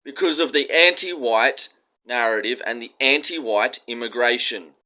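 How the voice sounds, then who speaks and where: A man's voice: medium pitch, normal speed, sharp tone. A man with an Australian accent delivering a heated, profane monologue with strong emphasis. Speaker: commentator.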